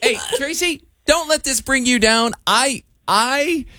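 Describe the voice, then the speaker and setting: A man's voice: very high-pitched, slow pace, sharp tone, dry recording, studio quality. A male radio host talking awkwardly and politely, hesitating often.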